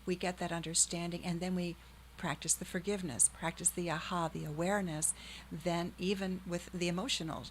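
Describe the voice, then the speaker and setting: Calm woman hosting a chat, kinda low voice, slight hiss behind her. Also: fairly quick. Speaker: podcast host, hypnosis practitioner. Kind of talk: conversational interview.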